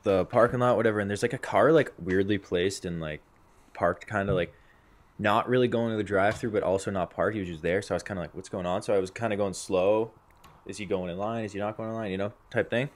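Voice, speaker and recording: A young man co-hosting a podcast speaks fast in a lowish voice with fairly even intonation. He tells crude, rambling stories in casual banter, laughing often and acting out both sides of each conversation.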